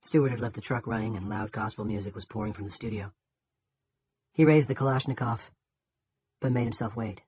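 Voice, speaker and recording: Husky man reading an audiobook. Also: on the low side, fairly quick, long pauses, no room sound. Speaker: audiobook reader. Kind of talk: audiobook narration. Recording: dull lo-fi.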